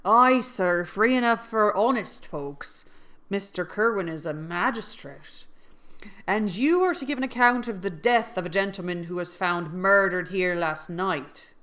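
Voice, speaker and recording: A woman reading aloud as a rough man who orders a stranger to follow him, blunt and firm. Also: mid-range voice, measured pace, fairly bright tone, close to an everyday voice. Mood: stern. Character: rough male townsman leading a stranger away.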